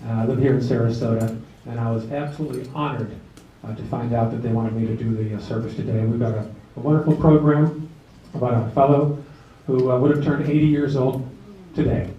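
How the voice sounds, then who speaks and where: A man leading a memorial gathering, speaking in a relaxed, folksy way with light jokes and fillers, addressing a seated crowd in a club hall. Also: mid-range voice, a little fast, few pauses, a little hiss or hum. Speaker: officiant of a memorial service. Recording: roomy, distant, dull amateur video.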